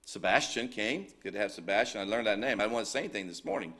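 A man's voice: on the low side, expressive, fast talker, sharp tone. A man leading a church service, welcoming visitors in a folksy, rambling way with many fillers. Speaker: pastor.

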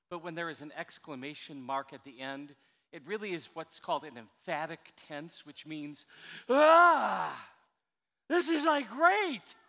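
An older man preaching a sermon in a church, chatty and animated, coaxing his congregation to answer back. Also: on the high side. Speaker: pastor. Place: church sanctuary. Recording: reverberant church hall.

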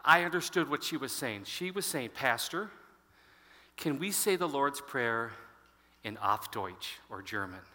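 A man's voice: medium pitch, a little slow. A pastor in his fifties preaching a sermon to his congregation, telling stories and asking the room questions. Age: 50s. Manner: storytelling, animated, addresses the congregation. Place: large church hall. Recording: long hall reverb.

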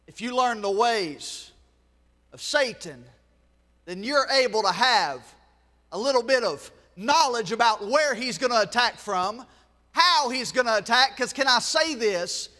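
A Southern US man preaches in a very high, bright, ringing voice, swelling into shouts and dropping into joking asides to the congregation. His sermon carries a long church-hall reverb. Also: animated, measured pace. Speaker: pastor. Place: church sanctuary.

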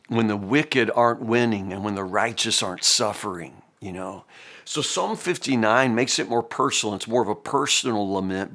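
Bright-voiced, animated man teaching. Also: fairly high pitch. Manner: animated, folksy, emphatic with frequent fillers. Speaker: Bible teacher hosting a daily devotional. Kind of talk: casual devotional teaching.

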